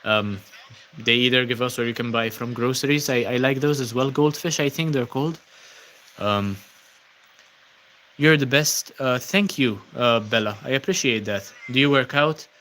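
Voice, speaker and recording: A man's voice: medium pitch, normal speed, slight background noise. A young man from Malta hosting a casual livestream, reading out viewer comments with lots of ums and uhs. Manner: relaxed, many ums and uhs, thanking viewers. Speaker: livestream host.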